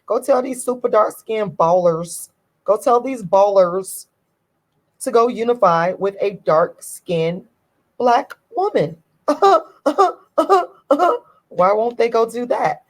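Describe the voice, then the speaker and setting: A woman's voice: medium pitch, slow pace, poor audio. A woman vlogger giving a ranting commentary to her viewers, emphatic and indignant, repeating her points over and over.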